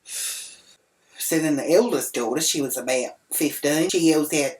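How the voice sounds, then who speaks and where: Brash, foul-mouthed Australian woman with a low voice who rambles through a comic rant. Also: normal speed, a little mellow. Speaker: storyteller.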